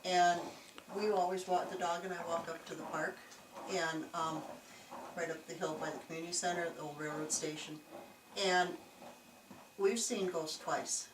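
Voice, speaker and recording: A woman's voice: on the low side, normal speed, distant mic, background noise. Chatty woman, echoey camcorder audio. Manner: chatty and animated, laughs easily. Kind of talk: casual storytelling to investigators. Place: indoors in an old jail building.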